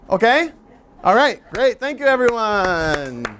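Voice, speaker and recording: A man's voice: extremely high pitch, wildly swooping pitch, takes it slowly, background noise. A middle-aged man giving a live teaching seminar to an audience, chatty and joking as he draws the room in. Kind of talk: live workshop presentation.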